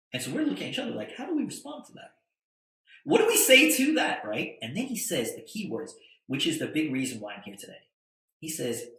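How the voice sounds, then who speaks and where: A middle-aged man telling a long story in a podcast interview, animated and acting out what people said. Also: mid-range voice, roomy sound, rough recording. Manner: animated storyteller, acts out quotes. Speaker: guest, attorney and entrepreneur.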